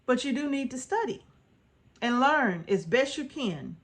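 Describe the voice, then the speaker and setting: This woman's voice sits high and is expressive, moving at a measured pace. She vlogs about homesteading, offering folksy, informal advice with real earnestness, repeating key points and checking in with "right?"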